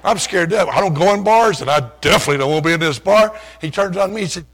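Older guy preaching his story, folksy and self-deprecating, kinda high and gravelly. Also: big pitch swings, brisk, few pauses, fairly bright tone. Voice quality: gravelly, husky. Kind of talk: sermon testimony storytelling.

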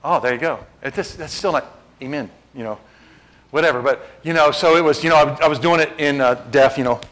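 A man's voice: a little high, brisk, a bit bright, rough recording. A male pastor preaching a sermon, shifting between casual asides to the congregation and emphatic, rising exhortation.

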